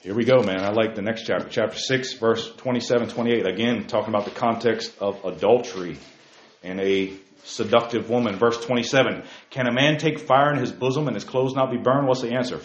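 A man leading a Bible study in a fiery preaching style, emphatic, firing off rhetorical questions and leaping to near-shouts. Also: mid-range voice, a little fast, slight background noise. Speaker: Bible teacher. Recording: roomy, dull lo-fi sound.

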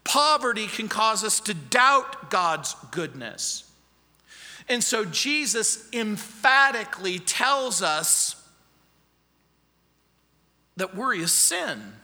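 A man's voice: sits high, very animated, slow, long pauses, pushed and bright, big-room sound. A man preaching a sermon as pastor, emphatic and fond of repeating key phrases. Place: church.

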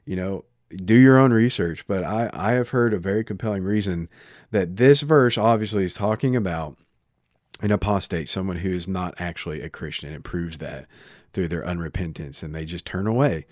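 Low-voiced man preaching, dry close sound. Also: normal speed, dry recording. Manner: conversational, animated storytelling with frequent restarts. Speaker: pastor. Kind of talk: sermon. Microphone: microphone.

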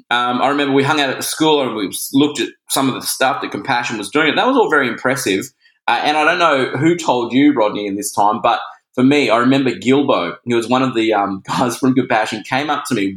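A man's voice: mid-range voice, a little fast, fairly bright tone. A man, a radio presenter telling a heartfelt story in an earnest way and acting out quotes. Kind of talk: conversational podcast reminiscing. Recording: roomy echoing sound.

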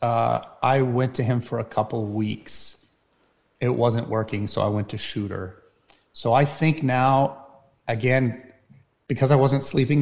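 Gravelly man telling his story. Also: medium pitch, a little mellow. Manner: earnest, halting storyteller. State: near tears at times. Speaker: firefighter guest. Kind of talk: personal story in an interview.

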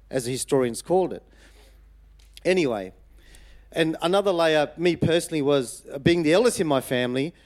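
A middle-aged man from Fiji with a touch of Australian twang preaches a personal testimony. His storytelling is lively and conversational, full of "you know" asides. His voice sits a little high and rises and falls a lot. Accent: Fijian Indian with Australian twang.

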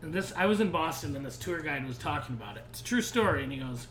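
A man in his thirties co-hosting a podcast, telling stories in animated, profane casual chat. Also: fairly high pitch, quick pace. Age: 30s. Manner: animated storyteller, swears freely. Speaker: podcast co-host. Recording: roomy echo.

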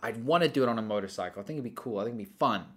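A young adult man in casual chat, telling rambling stories in animated bursts. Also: lowish voice, racing. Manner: rambling, animated storytelling that often breaks into laughter.

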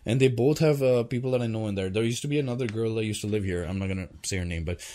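A man's voice: fairly low pitch, racing, dark tone. A man telling a personal story to his viewers in a loose, rambling way, swearing often and full of fillers and restarts. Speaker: vlogger. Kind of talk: casual storytelling to camera.

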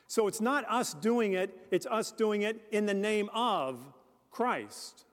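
A man's voice: high-pitched, animated, measured pace. A man preaching a sermon as a deacon, earnest and speaking directly to the congregation with questions. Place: church. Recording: long church reverb.

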